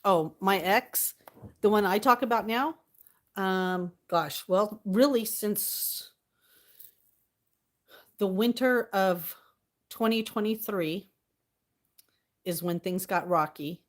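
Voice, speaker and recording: A woman's voice: mid-range voice, slow pace, long pauses. A young woman streaming live, chatting casually with her viewers, laughing often and greeting them by name. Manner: giggly, laughs often, reads out chat names. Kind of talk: casual livestream chat with viewers.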